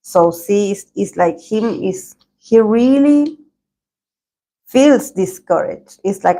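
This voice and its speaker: Slow, meandering woman tarot reader. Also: mid-range voice, expressive, mellow, low-quality recording. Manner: meandering, hedging talk with many pauses. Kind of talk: tarot reading video.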